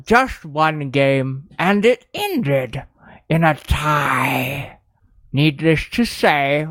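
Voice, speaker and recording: A woman's voice: mid-range voice, dry recording, poor audio. A woman putting on a doddering old-timey elder's voice to read out listener mail on a podcast, in a rambling old-person drawl.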